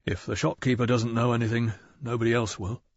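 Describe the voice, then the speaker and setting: A man voicing a calm, methodical male police detective in an audiobook, asking direct questions. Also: medium pitch, fairly quick, no echo, highs cut off, close to an everyday voice. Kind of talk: audiobook character voice.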